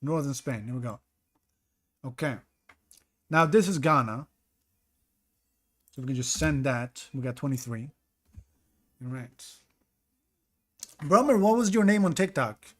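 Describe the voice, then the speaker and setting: A man's voice: medium pitch, animated, measured pace, pauses often. A man streaming a map-guessing game, thinking aloud and greeting viewers in chat between guesses. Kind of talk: casual live-stream commentary.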